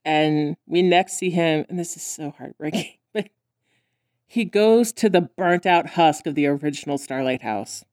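A woman co-hosting a podcast, chatting casually about a cartoon episode, laughing often and acting out characters' lines in high squeals. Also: unhurried, a little mellow, no echo, clean studio sound. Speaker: podcast co-host.

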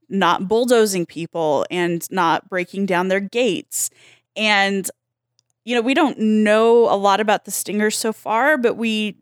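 A woman co-hosting a podcast, casually analyzing a cartoon's characters and reasoning aloud in quick bursts. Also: medium pitch, dry recording, studio quality. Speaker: podcast co-host.

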